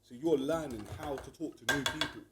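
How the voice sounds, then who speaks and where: A man's voice: medium pitch, a little fast, heavy background noise. A man, a podcast guest, chatting in a rambling way full of fillers. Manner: rambling, leans on "like" and "bruv". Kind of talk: casual interview chat.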